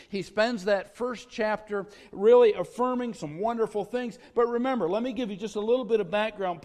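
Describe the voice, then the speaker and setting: A middle-aged pastor preaches in a casual, folksy way, drifting into stories and light jokes from the pulpit. His voice sits somewhat high for a man. The sound carries a long church reverb. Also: a little mellow. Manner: conversational, folksy storytelling with humor. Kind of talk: sermon. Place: church sanctuary.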